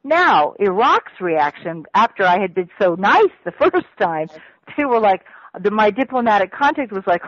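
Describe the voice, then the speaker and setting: A woman's voice: mid-range voice, expressive, moderate pace, no echo. A woman guest on a radio interview, telling her story bluntly and emphatically. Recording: muffled radio audio, dry.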